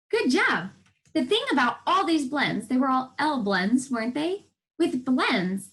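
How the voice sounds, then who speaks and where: This woman's voice is high-pitched and the audio is poor. Teaching first graders to read on television, she moves slowly and patiently through the sounds in words, keeping her tone lively and encouraging for the young kids.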